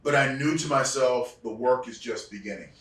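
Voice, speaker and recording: A former wrestler with a medium-pitched, fairly bright voice talks at a normal speed, telling reflective stories in an interview. He restarts often and acts out the people he quotes, recorded in an echoey room with a distant mic.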